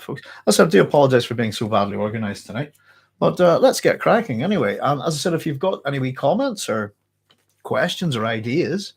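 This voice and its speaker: A man from Northern Ireland, speaking with the local accent, runs a live book club stream. He's apologetic and talkative, often breaking off mid-thought, and sounds slightly out of breath. His mid-range voice is gravelly and husky.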